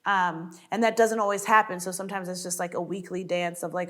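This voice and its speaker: The sketch comedy performer's voice is fairly low and flat in pitch, with a fairly bright tone and a fairly quick delivery. Chatting casually with an interviewer, she acts out quotes, laughs frequently, and recounts stories with energy.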